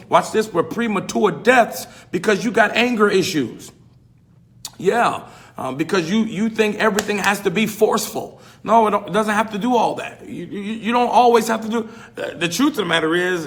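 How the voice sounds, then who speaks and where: Pastor host, male, high voice, emphatic and folksy podcast preaching. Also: fairly bright tone. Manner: emphatic, repetitive, folksy with slang. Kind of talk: preaching-style podcast talk.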